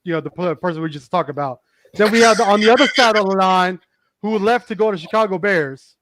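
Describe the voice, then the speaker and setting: A man co-hosting a casual sports chat on a porch, excitable and cursing, repeating himself as he laughs. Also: high voice, brisk, a little hiss or hum. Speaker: podcast co-host. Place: porch outdoors.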